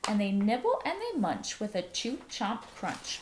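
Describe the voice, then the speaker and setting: A woman's voice: mid-range voice, slight background noise. A woman teacher reading a picture book aloud to her class, adding short comments between pages. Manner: slow, expressive storytelling with comments to listeners.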